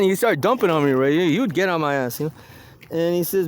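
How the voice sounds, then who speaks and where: A man's voice: high voice, lively intonation, quick pace, a little hiss or hum. Rambling man telling stories outdoors. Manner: rambling storytelling, acts out quoted voices. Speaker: vlogger. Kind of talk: casual outdoor walking vlog. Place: outdoors on a hillside street.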